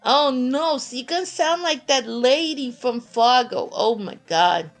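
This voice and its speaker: A woman with a New York accent commentates a game tournament in a lively, excitable way, laughing often. Her voice sits a little high, with soft music underneath. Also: unhurried.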